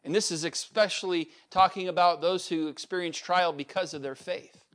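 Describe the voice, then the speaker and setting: A middle-aged man preaching with earnest conviction, his voice sitting a little high for a man. He moves between raised, emphatic passages and quiet, conversational asides. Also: fairly even intonation, moderate pace. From United States. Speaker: pastor. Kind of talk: sermon.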